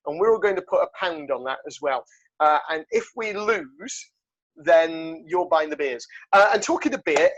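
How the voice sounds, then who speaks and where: A man hosting a podcast in casual banter, rambling with many ums and restarts. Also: a little high. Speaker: podcast host. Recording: dull lo-fi sound.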